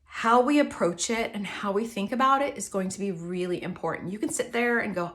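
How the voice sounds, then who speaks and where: A woman's voice: on the high side, a little fast, hardly any pauses. Woman coaching on healthy habits. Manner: warm coaching tone, acts out inner self-talk. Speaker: podcast host. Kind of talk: faith-based wellness podcast talk.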